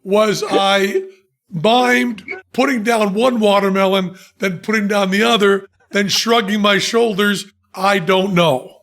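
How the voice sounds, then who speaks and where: High-voiced man spinning a comic story. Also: measured pace. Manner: animated storyteller who laughs mid-sentence. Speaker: podcast host.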